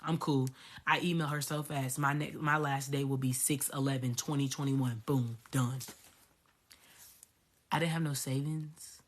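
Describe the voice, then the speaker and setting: A woman's voice: very deep voice, steady tone, moderate pace. A woman coach telling a personal story to her viewers, emphatic and profane, repeating herself for effect. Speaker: spiritual coach. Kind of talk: candid storytelling vlog.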